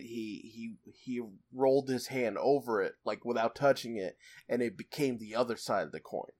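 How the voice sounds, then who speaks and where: Brief: young male podcast co-host, mid-pitched, loose rambling storyteller who laughs a lot. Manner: rambling, many restarts and fillers, laughs a lot. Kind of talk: casual storytelling chat.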